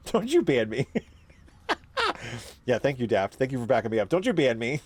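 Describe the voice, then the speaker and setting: A man's voice: mid-range voice, lively intonation, moderate pace, darkish tone. A young man giving jumpy, profane let's-play commentary on a horror game, laughing and complaining at the game. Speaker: gaming streamer.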